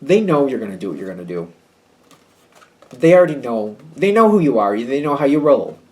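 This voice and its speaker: A man's voice: mid-range voice, very animated, brisk. A man giving a casual tarot reading to his viewers, chatty and hedging, with a wry, slightly snippy tone. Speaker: tarot reader.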